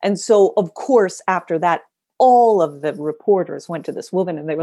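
Woman, public speaking guest, lively storyteller, slightly low voice, dry sound. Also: moderate pace, no echo. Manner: animated, dramatic storytelling. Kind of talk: interview storytelling.

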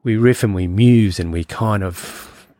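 A man's voice: fairly low pitch, unhurried, warm tone, dry recording, clean studio sound. A man, a film producer, chatting as a podcast guest, musing with lots of fillers and restarts. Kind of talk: casual interview chat.

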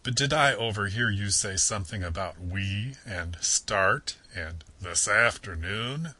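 Man doing a slow, skeptical river rat. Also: on the low side, animated, sharp tone, breathy edge, full character voice. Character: calm, dry male water rat.

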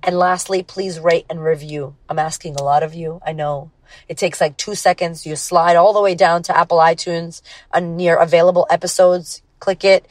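A woman's voice: fairly low pitch, steady tone, moderate pace, a little mellow, no room sound. Blunt, profane podcast host woman. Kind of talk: casual motivational podcast monologue.

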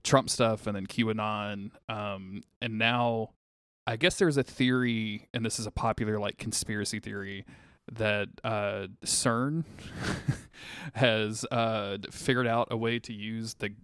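A man's voice: on the low side, fairly even intonation, slow pace, a bit bright, smooth, no echo, studio quality. A man co-hosting a podcast, talking in a rambling, hesitant way full of fillers. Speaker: podcast co-host. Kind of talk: casual chat.

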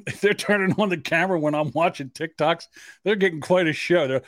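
A man's voice: fairly high pitch, a little fast, a bit bright, no room sound, studio quality. A man co-hosting a casual podcast, joking, laughing often and slipping into mocking voices. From Irish. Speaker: podcast co-host.

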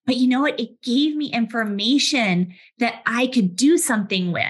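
A woman in her thirties, a head of HR, speaking conversationally in a webinar with lively anecdotes and frequent restarts. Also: a little high, moderate pace. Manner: animated, restarts often, vivid everyday anecdotes. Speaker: head of HR, session host.

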